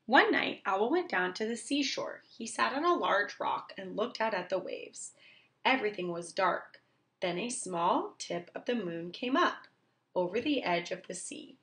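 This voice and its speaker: Woman reading a children's storybook aloud. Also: mid-range voice. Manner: slow, clear and expressive for young listeners. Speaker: reader.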